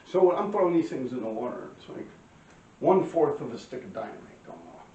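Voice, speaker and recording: A man, telling profane street stories to camera and clearing his throat often. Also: a little high, expressive, fairly quick, dark tone. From New York. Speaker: vlogger telling life stories. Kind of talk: casual storytelling to camera. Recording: roomy, distant, dull-sounding.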